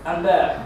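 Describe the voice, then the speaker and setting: A man doing a stand-up set, telling a rambling story in a deadpan way with stammered restarts. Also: high-pitched, a little hiss or hum. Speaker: stand-up comedian. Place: comedy club stage. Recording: echoey club from far off.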